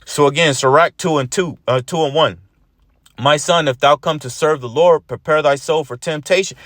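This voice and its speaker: A man's voice: on the high side, normal speed, fairly bright tone, no room sound, studio quality. A man preaching an informal sermon to his followers, blunt and profane, who keeps repeating his lines and ends his phrases with "man".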